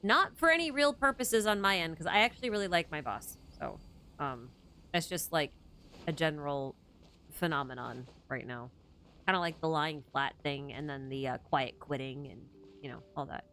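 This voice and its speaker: A woman's voice: sits low, moderate pace, sharp tone, slight background noise. A young adult woman hosting a casual chat, rambling and interrupting herself, often laughing mid-sentence. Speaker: host.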